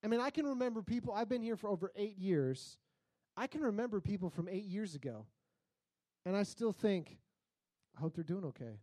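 A male pastor preaching a sermon in a conversational, storytelling way, sometimes breaking into loud comic outbursts. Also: high-pitched, lively intonation, a little fast, no echo.

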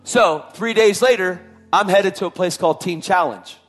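Guy with a high voice telling his testimony, keeps repeating stuff for punch, soft music behind. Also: normal speed. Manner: emphatic, repetitive storytelling. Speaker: testimony speaker. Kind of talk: personal testimony.

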